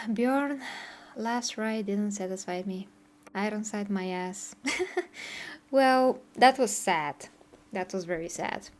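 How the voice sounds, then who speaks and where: A woman's voice: medium pitch, expressive, takes it slowly, pauses often. A woman, chatting casually on a live stream, laughing often and answering her chat. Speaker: streamer reacting to game trailers. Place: home streaming setup in Bulgaria.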